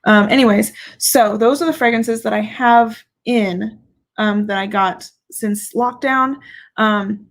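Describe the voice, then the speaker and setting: A fragrance reviewer hosting a casual livestream reads viewer comments slowly, her slightly high voice holding a steady tone. She comes across as playful and candid, swearing freely and laughing often.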